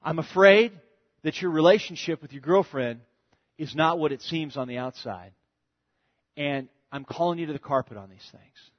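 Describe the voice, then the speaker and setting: A man voicing a calm, firm middle-aged father speaking in a measured way. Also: very high-pitched, breathy edge, voice pushed up, exaggerated voice. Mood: earnest. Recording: dull echoey hall recording.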